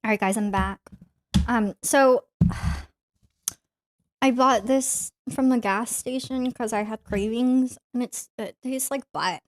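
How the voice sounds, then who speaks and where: A woman's voice: on the high side, slow, pauses often. A young woman streamer chatting casually to her viewers, rambling with lots of fillers and giggling often. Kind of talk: casual livestream chat.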